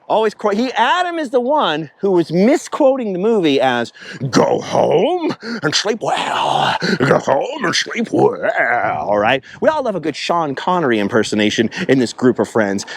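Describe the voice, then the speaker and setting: Animated rambling man telling a story. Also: high voice, a little hiss or hum. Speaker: travel vlogger. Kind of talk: casual storytelling while driving.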